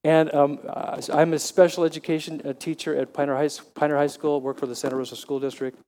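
A man in his seventies preaching a sermon, halting with frequent restarts, then rising to emphatic questions. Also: a little high, little pitch movement, a little mellow, a little hiss or hum. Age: 70s. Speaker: lay preacher.

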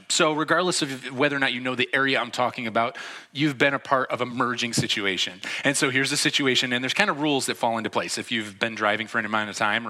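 A man preaching a sermon to a church audience, telling a story in a relaxed, chatty way and acting out the people in it. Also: mid-range voice. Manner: conversational storytelling with laughs and acted-out quotes. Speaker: pastor. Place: church before a live audience.

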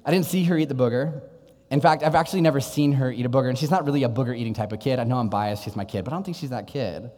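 A young man who is a pastor, giving a sermon in a relaxed, conversational style and telling stories from his own life. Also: mid-range voice, very fast, long reverb tail. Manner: conversational storytelling preacher. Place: church.

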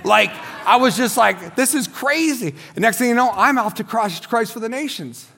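A man in his forties, a pastor giving his testimony as a sermon on a church stage, telling his story with excitement and shouting at the high points. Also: moderate pace, creaky. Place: church stage before a congregation.

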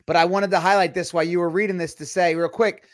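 A man's voice: sits high, steady tone, no room sound, studio quality. Chatty man hosting a faith livestream. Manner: chatty, rambling, quick asides. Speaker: host of a Christian livestream show. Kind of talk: casual livestream chat.

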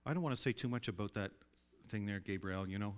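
A man preaching a sermon in a conversational way, often asking his listeners to agree and dropping his voice low and soft for emphasis. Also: fast talker. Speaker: pastor.

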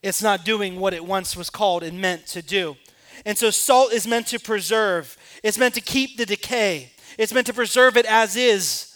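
A man preaching a sermon as pastor, rising to emphatic peaks and dropping to quiet asides. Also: high-pitched, moderate pace.

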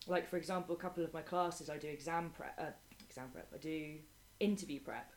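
A woman's voice: low voice, quick pace. A young woman, an English teacher in a casual interview, chatty and swearing lightly as she acts out classroom stories. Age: young adult. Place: Madrid.

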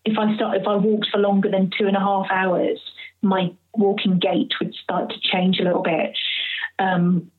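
A woman's voice: mid-range voice, level tone, normal speed. A woman in her thirties, an interview guest, telling a personal story candidly and with feeling, acting out what others said. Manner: candid, emotional, acts out others' speech. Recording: phone-like narrow audio.

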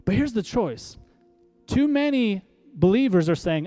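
A man's voice: high voice, animated, normal speed, warm tone, soft background music. A man preaching a sermon, emphatic and full of rhetorical questions, leading the congregation to repeat lines after him. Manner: uses props on stage while preaching. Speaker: pastor.

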